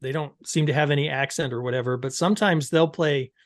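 Male podcast co-host, a touch higher pitched, inquisitive and loose. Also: fast, dry recording. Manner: questioning, lots of fillers. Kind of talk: casual discussion.

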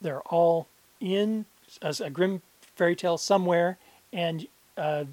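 A woman's voice: fairly low pitch, measured pace, darkish tone, no echo. Woman chatting casually on a podcast. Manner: rambling, frequent restarts and laughs. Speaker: podcast co-host. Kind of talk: casual chat.

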